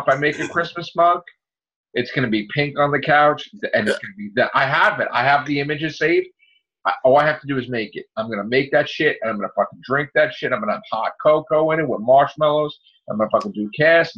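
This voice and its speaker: A man on a casual fan podcast who talks in heated, profane rants. His voice is a little husky, and the audio sounds dull and lo-fi. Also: medium pitch, fast talker. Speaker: podcast host.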